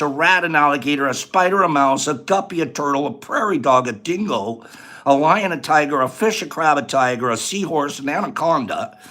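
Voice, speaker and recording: A man's voice: fairly high pitch, pushed and bright. A man hosting a casual livestream, explaining each step as he goes and reading viewers' answers aloud in a chatty way. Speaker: livestream host. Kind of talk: casual livestream chat and how-to.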